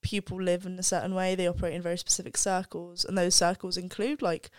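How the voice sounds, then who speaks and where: A woman's voice: on the low side, little pitch movement, fast talker, no echo. A young woman, a student guest on a podcast, talking candidly and reflectively in casual chat and swearing freely. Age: young adult.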